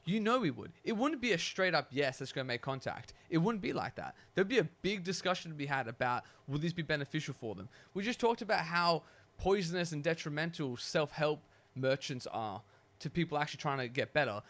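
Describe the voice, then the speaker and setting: A man with a slightly raised pitch, chatting casually on a podcast. He muses aloud, asks questions and readily agrees with his co-host. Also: expressive, brisk, hardly any pauses, a bit bright. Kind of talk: casual chat.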